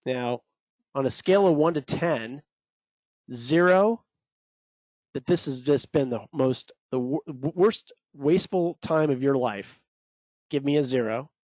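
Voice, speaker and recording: A man's voice: medium pitch, normal speed, a little mellow, dry recording, muffled recording. A man coaching traders in a live webinar, talking straight to viewers in a salesy, pumped-up way. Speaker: trading coach presenting a webinar. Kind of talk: energetic live webinar teaching.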